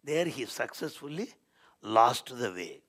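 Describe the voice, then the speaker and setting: A man telling devotional stories as a spiritual speaker, swinging between loud declarations and quiet asides. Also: mid-range voice, very animated, measured pace. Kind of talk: devotional storytelling talk.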